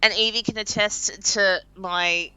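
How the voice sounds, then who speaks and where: A young woman streaming a game and chatting casually, animated and laughing often. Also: mid-range voice, a little slow, clean tone. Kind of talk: casual live-stream chat.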